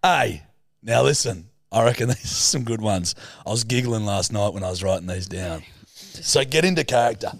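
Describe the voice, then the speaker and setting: A man's voice: on the low side, animated, normal speed, creaky, dry recording, studio quality. A young man co-hosting a casual comedy podcast, teasing playfully and laughing at his own jokes. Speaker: co-host.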